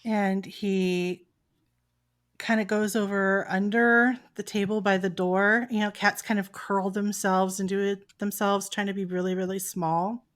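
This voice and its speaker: A woman narrates as game master of a tabletop game podcast. She takes her time, letting each moment of the scene settle, and acts out small sound effects as she goes. Her voice sits in an ordinary middle pitch. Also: little pitch movement, measured pace.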